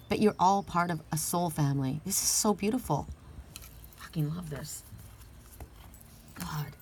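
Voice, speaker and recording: A woman's voice: on the low side, a little mellow, a little hiss or hum. Earnest woman reading oracle cards. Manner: earnest, emphatic, heartfelt, with occasional swearing. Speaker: oracle card reader. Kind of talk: casual spiritual card reading.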